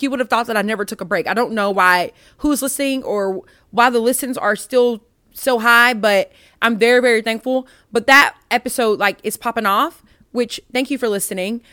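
A woman's voice: fairly high pitch, bright, forceful tone, no room sound, studio quality. A young woman hosting a casual faith podcast, rambling and self-mocking as she chats with listeners. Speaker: podcast host.

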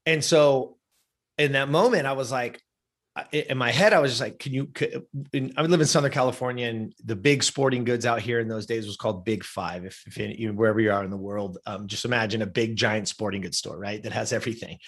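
A middle-aged man shares a personal story as an interview guest. He speaks in an earnest, conversational way, checking in with the listener through frequent asides. His pitch sits in an ordinary middle range. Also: a little fast, fairly bright tone, slightly rough.

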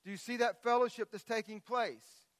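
A middle-aged man preaching a sermon as a pastor, moving from quiet scripture reading into loud, impassioned outbursts. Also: extremely high pitch, steady tone, normal speed, dry recording.

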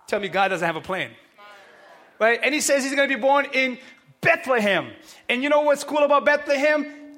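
A man preaching a sermon to a congregation, energetic and often shouting. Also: extremely high pitch. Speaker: pastor. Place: church hall with congregation.

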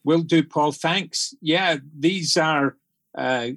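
A man's voice: a little high, takes it slowly, a bit bright, no room sound. A middle-aged Scottish man with a Scottish accent, a podcast guest telling stories with jovial humor. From Scotland. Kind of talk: conversational podcast interview.

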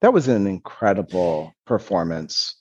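A man's voice: low voice, sing-song, measured pace, muffled recording, loud music behind the voice. A man co-hosting a podcast in casual chat, reflective and analytical as he talks about acting. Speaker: podcast co-host.

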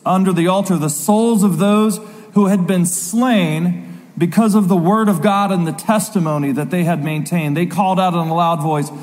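High-voiced preacher in a reverberant hall. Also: male voice, darkish tone. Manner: dramatic reading with slow emphatic stresses. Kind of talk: sermon. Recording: long reverb of a large hall.

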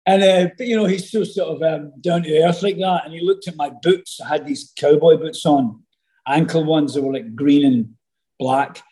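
A middle-aged Scottish man, an actor guest telling stories in a casual interview, animated and rambling with many fillers and restarts. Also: fairly high pitch, moderate pace, poor audio. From Scotland.

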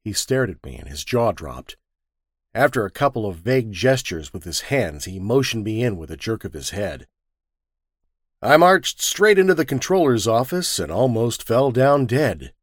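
A man narrating a first-person story with a wisecracking, lively storytelling manner. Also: on the low side, moderate pace, no echo, clean studio sound.

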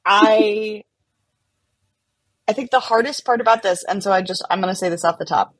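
A woman tells a story in an easy, animated way, her voice a little husky. The sound is dry and close, with no room around it. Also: medium pitch, normal speed, dry recording, low-quality recording. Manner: animated, chatty, many fillers like "like". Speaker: podcast guest telling a story. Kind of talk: casual storytelling.

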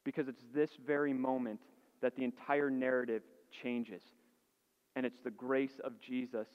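A pastor preaching a sermon earnestly, building emphasis and asking rhetorical questions. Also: male voice, mid-range voice, unhurried, big-room sound, dull audio.

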